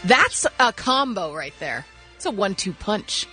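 A woman's voice: mid-range voice, sing-song, a little slow, pushed and bright, faint music behind, poor audio. A woman co-hosting a morning radio show, joking and chatty, always looking for a reaction. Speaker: radio co-host. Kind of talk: casual morning radio chat.

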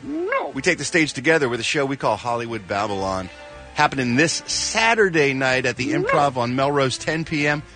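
A man's voice: medium pitch, lively intonation, fairly quick, sharp tone, soft background music. A man reporting entertainment gossip on a radio show, with sarcastic and playful banter into a studio microphone.

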